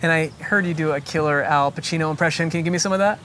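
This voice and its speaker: Interviewer, brisk and friendly, medium pitch, faint background hiss. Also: fairly bright tone. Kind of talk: casual quick-fire interview questions.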